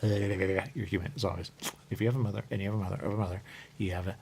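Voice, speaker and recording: A man's voice: lowish voice, fairly even intonation, fast, vocal fry, background noise. A man hosting a talk show in a rambling, repetitive monologue, looping back on the same phrases and drifting into sing-song murmurs. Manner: rambling and repetitive, keeps saying "there you go". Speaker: radio show host.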